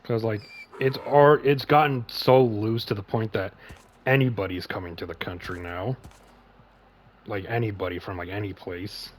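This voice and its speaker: A man's voice: on the low side, steady tone, normal speed, a little hiss or hum. Rambling, swearing man streamer. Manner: rambling, heavy swearing, many fillers. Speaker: podcast host and streamer. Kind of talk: casual opinion chat.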